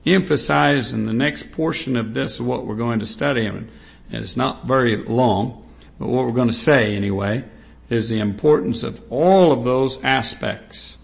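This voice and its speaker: A man preaching a sermon, reading scripture aloud and stressing points slowly and emphatically with repetition. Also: medium pitch, creaky.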